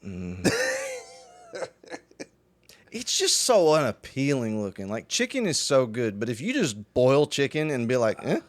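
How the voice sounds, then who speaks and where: A young adult man co-hosting a casual comedy podcast, talking in an animated way with frequent swearing and quick restarts. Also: mid-range voice. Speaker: podcast co-host.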